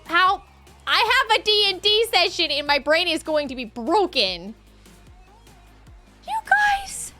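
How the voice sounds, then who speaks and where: A woman hosting a live stream before a tabletop game, chatting with her viewers in an excitable, giddy way, laughing and exclaiming often. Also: very high-pitched, takes it slowly, pauses often, soft background music.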